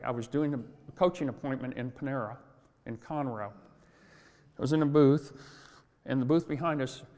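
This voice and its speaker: A middle-aged man tells stories at a convention in an easygoing, self-deprecating way. His voice sits at an ordinary pitch. The sound carries the long reverb of a large hall. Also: a little mellow. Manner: chatty, self-deprecating, laughs at own jokes. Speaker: speaker at a convention. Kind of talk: conference talk with anecdotes.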